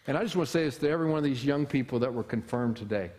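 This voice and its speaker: A man's voice: medium pitch, rapid-fire, a little mellow. A man preaching a conversational sermon in a church, asking the congregation rhetorical questions. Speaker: pastor. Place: church sanctuary. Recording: long hall reverb.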